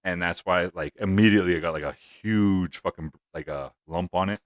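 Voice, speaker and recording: A young man hosts a laid-back sports podcast in a deep, low voice. He rambles through his stories and swears freely. The sound is close and dry. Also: fairly quick, no room sound. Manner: loose, profane, rambling storytelling. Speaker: podcast host. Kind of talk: casual podcast chat.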